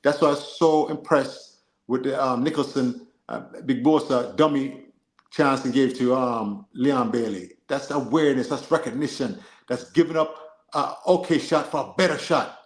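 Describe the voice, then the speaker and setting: A man co-hosting a football live stream, reading and answering chat in an animated, joking way. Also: medium pitch, moderate pace, reverberant. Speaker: livestream co-host.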